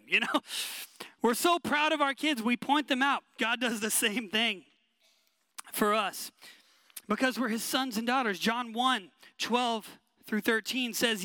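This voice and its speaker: A male pastor preaches in an emphatic, conversational way, circling back to short repeated phrases. His voice sits high and sounds sharp and forward, and the sound is dry and close. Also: moderate pace, no room sound. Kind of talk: sermon.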